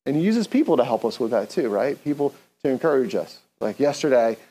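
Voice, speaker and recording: A man's voice: mid-range voice, very animated, a little fast, warm tone. A man preaching an earnest, conversational sermon, leading the congregation in call-and-response. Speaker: pastor.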